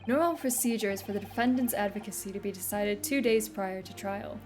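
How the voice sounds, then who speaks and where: A woman reading a formal male judge in a courtroom game, measured and commanding. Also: medium pitch, a little mellow, soft background music, close to an everyday voice.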